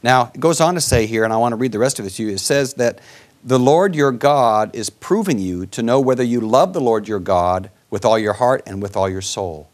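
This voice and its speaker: Animated man teaching scripture. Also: on the low side. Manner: rhetorical questions to his co-host. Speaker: preacher co-hosting a Bible discussion. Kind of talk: conversational Bible teaching.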